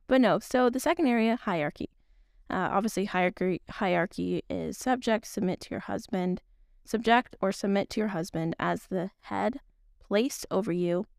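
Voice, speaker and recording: A young woman hosts a casual faith-talk podcast, her mid-range voice gravelly and a little mellow at normal speed. She's earnest and rambling, with many restarts. The studio-quality recording has no room sound.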